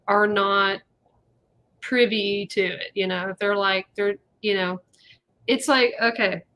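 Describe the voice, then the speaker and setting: A woman's voice: medium pitch, a bit bright. Chatty woman hosting a casual stream. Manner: chatty, rambling, lots of fillers. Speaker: host. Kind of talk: casual chat on a live stream.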